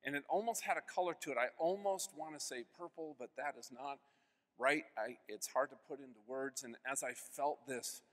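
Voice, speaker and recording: Middle-pitched man in his fifties, keynote testimony in a big reverberant hall, earnest storyteller who swings from hushed to loud. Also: normal speed. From United States. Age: 50s. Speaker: keynote speaker. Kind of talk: personal faith testimony. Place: large convention hall.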